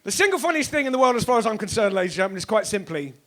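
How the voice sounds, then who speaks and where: A man performing a sweary, animated stand-up comedy set on a club stage, now and then bursting into shouts. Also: sits high, racing. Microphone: stage microphone.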